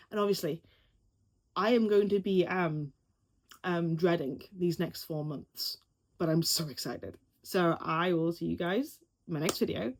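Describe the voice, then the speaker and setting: A young woman talks straight to her camera at home in a casual reaction vlog. She gets excitable and rambles, tripping over her words and dropping the odd swear word, all in an ordinary middle-pitched voice. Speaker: vlogger reacting to a film trailer.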